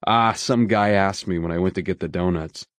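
A man's voice: low voice, normal speed, dry recording, studio quality, close to an everyday voice. A man voicing a chatty, insistent male railroad loader in an audiobook. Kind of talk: audiobook character voice.

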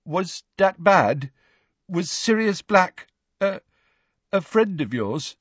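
A man's voice: sits high, sing-song, slow pace, husky, no room sound, muffled recording, pitched above the performer's own voice, exaggerated voice. A man voicing a nervous teenage boy who stammers anxiously. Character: nervous teenage boy, shaken but loyal.

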